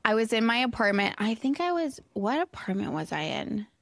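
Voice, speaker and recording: A woman's voice: on the high side, sing-song, a little fast, gravelly, no echo. A young woman co-hosting a podcast, telling candid stories in casual chat and laughing often. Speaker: podcast co-host.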